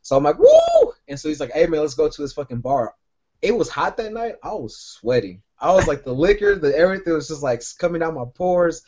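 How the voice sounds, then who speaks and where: A man's voice: a little high, lively intonation, quick pace, a little mellow, lo-fi sound. A man co-hosting a podcast, telling a long rambling story full of profanity in casual chat. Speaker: podcast co-host.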